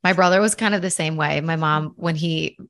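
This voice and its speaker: A woman's voice: low-pitched, brisk, fairly bright tone. A young woman hosting a podcast, chatting casually with her guest and laughing easily, with many fillers. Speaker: podcast host. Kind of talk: casual interview chat.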